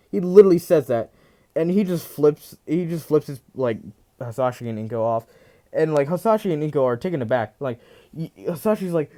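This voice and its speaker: A man's voice: fairly high pitch, expressive, fairly quick, warm tone. A man casually telling a fan fiction story, rambling with many restarts and filler phrases. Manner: rambling, full of "you know" and restarts.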